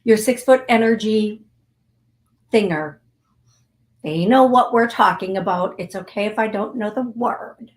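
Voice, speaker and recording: A woman's voice: medium pitch, unhurried, pauses often. A middle-aged woman hosting a live psychic reading show, coaxing and emotional, repeating her phrases as she guides a healing. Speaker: psychic medium host.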